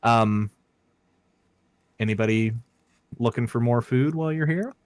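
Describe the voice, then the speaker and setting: A man narrating as game master of a tabletop game, pausing often with fillers. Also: medium pitch, no room sound. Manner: halting, filler-heavy narration.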